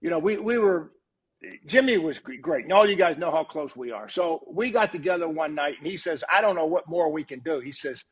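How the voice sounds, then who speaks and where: On the high side and slightly rough, an older man's voice moves at a fairly quick pace. A retired coach and podcast guest, he tells long, casual anecdotes as an animated storyteller who acts out quoted dialogue.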